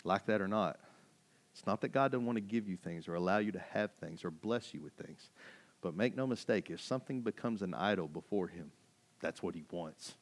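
A man's voice: sits low, brisk. A man preaching a sermon as a pastor, emphatic and conversational, full of rhetorical questions.

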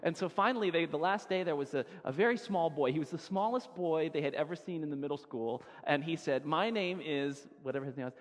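A man preaching a sermon as a pastor, telling a story in a relaxed, conversational way and often repeating words as he goes. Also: on the high side, fast, few pauses. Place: church sanctuary. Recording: long church-hall reverb.

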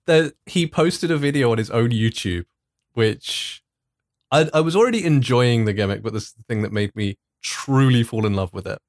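A man's voice: medium pitch, no room sound. Dry-sounding man explaining. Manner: measured, explanatory, fond of fillers. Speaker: podcast co-host. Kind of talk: casual chat.

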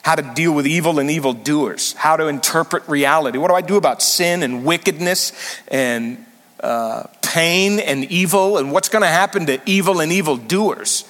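A man preaching as senior pastor in an animated, emphatic way, his voice sitting a little high for a man. He swings between quiet asides and sudden loud rises, and it carries through a long hall reverb. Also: normal speed. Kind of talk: sermon.

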